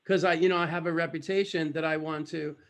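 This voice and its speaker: A man's voice: a little high, steady tone, fast talker. A man speaking as a guest sales trainer on a video call, telling a humorous story in a playful, self-mocking way.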